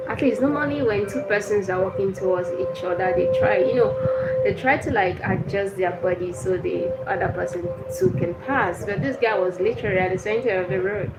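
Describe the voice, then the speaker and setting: A woman's voice: mid-range voice, a little fast. Chatty woman in an echoey room. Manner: chatty storyteller, laughs often. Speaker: livestream host. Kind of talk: casual livestream chat. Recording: echoey room with clear background noise.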